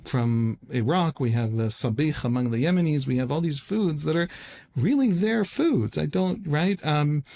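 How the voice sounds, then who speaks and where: A middle-aged man talks through a long answer on his podcast, thinking aloud and circling back to his points. His voice sits at an ordinary pitch for a man. He drops in the occasional wry aside. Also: a little mellow. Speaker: podcast host answering questions. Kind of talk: conversational explanation.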